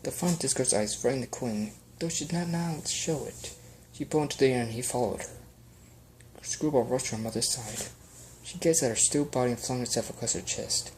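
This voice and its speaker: Man, amateur audiobook narration, earnest, small slips, mid-range pitch. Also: brisk, a little mellow, a little hiss or hum. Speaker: fan fiction reader.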